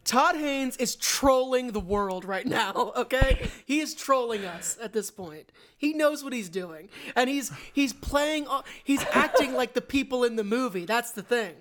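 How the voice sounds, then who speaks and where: A woman co-hosting a casual film podcast, giving quick, emphatic opinions. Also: a little high, lively intonation, a bit bright. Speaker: podcast co-host.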